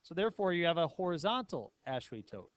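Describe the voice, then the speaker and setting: A man's voice: on the high side, very animated, fast, no echo, lo-fi sound. A male math teacher lecturing a class in a playful way, asking his students many questions.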